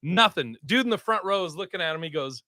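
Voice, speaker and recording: Man, comic telling stories, high voice, bright tone, dry close sound. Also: fast, dry recording. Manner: animated, acts out quotes with laughs. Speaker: comedian and podcast host. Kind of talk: casual storytelling.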